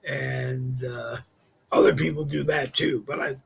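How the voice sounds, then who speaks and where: Gravelly, husky man from California. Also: medium pitch, steady tone, measured pace, poor audio. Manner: chatty anecdotal storytelling. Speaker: co-host. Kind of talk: casual chat.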